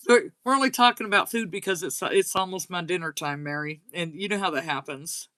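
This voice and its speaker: A woman with a slight Southern US lilt talks casually to her livestream viewers. She answers their comments one by one in a chatty way. Her voice is bright and forward, recorded close and dry. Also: on the low side, fairly quick, no echo. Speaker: crochet channel host.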